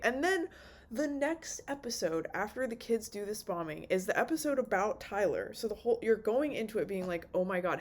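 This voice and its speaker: A young woman giving an off-the-cuff review in a rambling, swearing, animated way, acting out the characters' lines. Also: mid-range voice. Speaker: vlogger reviewing a TV series.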